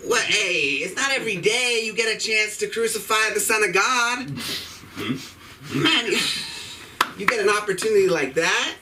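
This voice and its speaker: A man with a high, bright voice doing a rambling, irreverent stand-up routine full of profanity. He sounds set back from the microphone, with a faint hum of room ambience behind him. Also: moderate pace, pauses often, distant mic, low-quality recording. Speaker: stand-up comedian. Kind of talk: open mic stand-up set. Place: comedy club stage.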